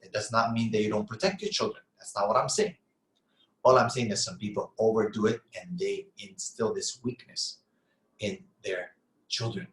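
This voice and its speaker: A man's voice: fairly low pitch, steady tone, moderate pace, reverberant, low-quality recording. A middle-aged man giving an earnest sermon-style talk on parenting, asking rhetorical questions and answering them himself. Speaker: Islamic lecturer.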